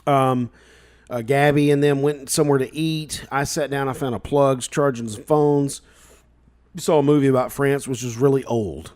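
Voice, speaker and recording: Chill guy on a podcast, casual chat, throws in quick asides. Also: medium pitch. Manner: relaxed, chiming in with short asides. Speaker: podcast co-host.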